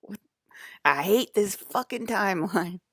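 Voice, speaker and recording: A woman's voice: mid-range voice, animated, measured pace, slightly rough, dry recording, studio quality. A woman talking straight to her viewers in a loose, rambling monologue, swearing freely and laughing often. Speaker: vlogger.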